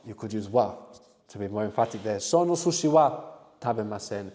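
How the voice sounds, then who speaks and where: At normal speed and with lively intonation, a man gives a language lesson in a large hall, his medium-pitched voice mellow. He keeps asking the student questions and frequently closes his points with "no?"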